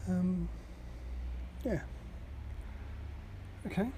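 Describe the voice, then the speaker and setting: Vlogger at home rambling about coffee, lots of ums, goes quiet and murmury sometimes. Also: medium pitch, steady tone, drawn-out words, a little hiss or hum. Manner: rambling and chatty, with many ums and self-mocking asides. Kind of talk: casual daily video diary. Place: at home, indoors.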